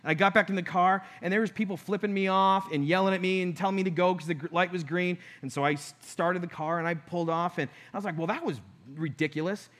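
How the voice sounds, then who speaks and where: A middle-aged pastor with a high, light voice delivers a sermon. He tells a personal story in an earnest way and plays out both sides of his talks with God. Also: fairly even intonation, fast talker, few pauses, fairly bright tone.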